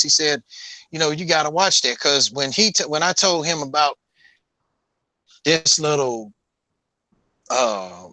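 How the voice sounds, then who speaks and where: Brief: bright-voiced man, higher pitch, rambling profane storyteller, dry close audio. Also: no echo, rough recording. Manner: rambling, profane, restarts often. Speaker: guest. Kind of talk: casual storytelling about his late father.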